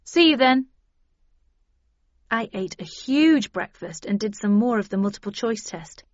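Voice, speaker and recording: A woman's voice: mid-range voice, lively intonation, moderate pace, darkish tone, dry recording, dull audio. A woman reading a first-person story aloud, in a dry, wry manner. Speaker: audiobook narrator. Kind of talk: scripted first-person narration.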